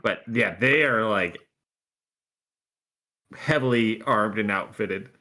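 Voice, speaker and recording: A man's voice: on the low side, takes it slowly, pushed and bright. A man narrating as game master in a tabletop game, loose and full of fillers.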